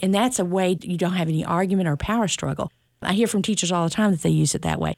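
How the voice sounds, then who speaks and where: A woman in her fifties, a grandmother, telling family stories in a lively, chatty way as an interview guest. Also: on the low side, fast talker, creaky, no echo, clean studio sound. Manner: animated, acts out family dialogue in lively voices; self-described sarcastic, chatty. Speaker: parenting workshop guest. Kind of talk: storytelling interview chat.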